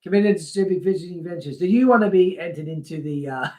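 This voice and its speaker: A man's voice: high-pitched, fast, a little mellow. Chatty man hosting a live stream. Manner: chatty, laughs often, reads out chat names. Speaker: livestream host. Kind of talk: casual live-stream chat.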